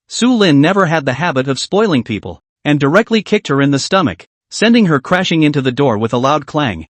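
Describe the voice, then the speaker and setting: Lively narrating man, dry close mic. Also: fairly high pitch, no echo. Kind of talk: manhwa recap narration.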